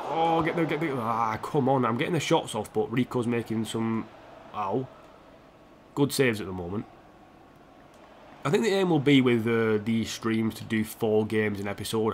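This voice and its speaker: A man's voice: fairly low pitch, a little hiss or hum. A man streaming a football video game, commenting casually on the match while chatting to viewers and poking fun at himself. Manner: chatty, self-mocking, reacts to the match and answers chat. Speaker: streamer playing a football career mode.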